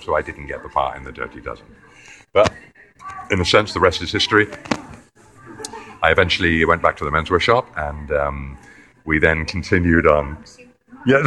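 An English man in his seventies with a deep voice, rambling through long anecdotes as an interview guest. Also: fairly quick, pauses often, sharp tone, slight background noise. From England. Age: 70s. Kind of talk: anecdotal storytelling. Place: indoors near a corridor.

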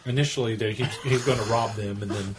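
A man's voice: on the low side, fairly even intonation, fast talker, background noise. A man co-hosting a casual chat, hesitant and trailing off, with many fillers. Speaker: podcast co-host.

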